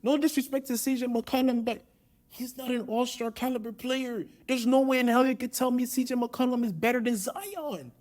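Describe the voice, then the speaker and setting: A man doing a loud impression of an indignant male sports TV pundit, full of theatrical outrage. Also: very high-pitched, normal speed, pitched above the performer's own voice. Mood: outraged.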